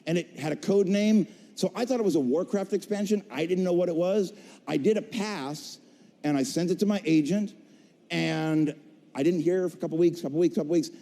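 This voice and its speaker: Animated man storytelling on a big stage. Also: high voice, a little fast. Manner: animated storyteller, acts out voices and jokes. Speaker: voice actor telling his career story. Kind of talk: stage talk to a convention audience. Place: large convention hall stage. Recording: long hall reverb.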